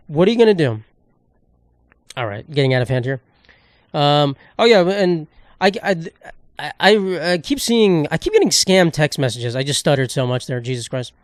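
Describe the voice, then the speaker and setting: A man's voice: a little high, clean tone, no echo, studio quality. A man hosting a solo podcast, ranting in a rambling, sarcastic, profane way and cutting himself off mid-thought. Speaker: podcast host.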